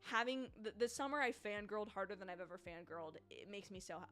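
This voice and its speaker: A chatty young woman rambling through the end of her livestream, gushing and getting emotional as she thanks her viewers. Her voice sits in a middle register, and faint music plays softly behind her. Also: medium pitch, lively intonation, quick pace, few pauses. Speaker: YouTube reviewer hosting a live reaction stream. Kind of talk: casual livestream chat.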